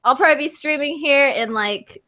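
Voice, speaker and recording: Tipsy high-voiced woman, giggly and bright. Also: fairly quick. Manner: giggly, rambling, loose. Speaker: podcast guest, streamer. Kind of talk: casual group podcast chat.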